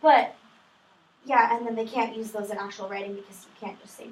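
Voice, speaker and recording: A student presenter, a young woman with a slightly high voice, talks fairly quickly in a steady tone while summarizing her reading for a study group. Her casual, chatty delivery is packed with fillers and self-deprecating remarks, captured on a distant mic in an echoey room with faint noise.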